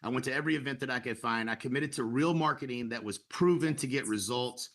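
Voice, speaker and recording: A middle-aged man pitches his program in a quick, eager webinar delivery. His voice is bright and forward, and he stacks fillers and restarts as he pushes on. He sounds persuasive. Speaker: real estate broker pitching to agents. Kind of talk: sales webinar talk.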